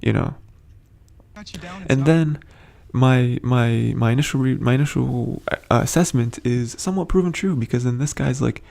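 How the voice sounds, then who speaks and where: A show commentator with a medium-pitched, gravelly, slightly mellow voice gives a casual, rambling recap of a TV episode at a moderate pace. His talk is full of fillers and restarts, with the odd chuckle between points.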